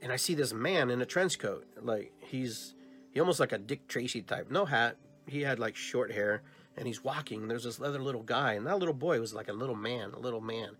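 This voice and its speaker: Male podcast host, mid-pitched, tells a dream as a story and voices the dialogue he quotes. Soft music underneath. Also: a little fast. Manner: animated storyteller who acts out quoted dialogue.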